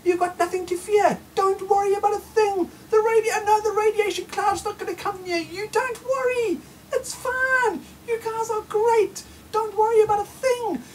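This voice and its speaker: A man's voice: extremely high pitch, fairly even intonation, moderate pace, slight background noise, voice pushed up, low-quality recording. A man voicing a patronizing official who soothes the public in a falsely sweet, sing-song way.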